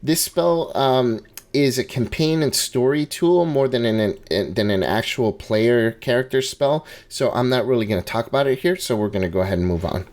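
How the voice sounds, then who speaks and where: A man of Hispanic background casually talks through a tabletop game guide in a mid-range, slightly mellow voice at a moderate pace. He's conversational, with frequent restarts, hedging asides, and laughing at himself.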